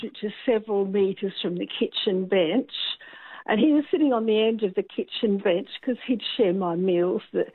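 A woman's voice: mid-range voice, no room sound. A woman calling in to a radio show, telling a story in a chatty, hesitant way. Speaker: caller. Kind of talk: telling an anecdote on a radio call-in. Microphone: telephone. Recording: tinny phone line.

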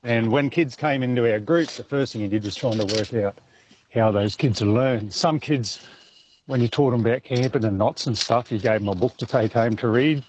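A man's voice: mid-range voice, normal speed, a little mellow, a little hiss or hum, rough recording. Man, middle-aged, Australian accent, truck driver calling in, easygoing, storytelling.

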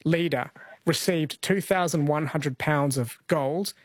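A man hosting a live radio quiz, brisk and chatty. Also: fairly high pitch, dry recording.

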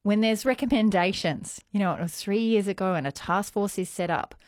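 A woman's voice: medium pitch, brisk, a little mellow, no echo, studio quality. A woman with an Australian accent reporting on radio news, earnest and a little stumbling. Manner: earnest, stumbles over words, laughs easily. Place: radio studio. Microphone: studio microphone.

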